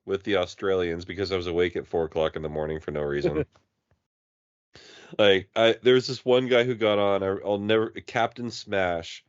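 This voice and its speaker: A man's voice: low voice, moderate pace, clear, resonant tone, no echo, dull audio. A man co-hosting a casual podcast chat, telling stories with put-on mock accents. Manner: animated storyteller, puts on mock British and Aussie voices. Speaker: podcast co-host.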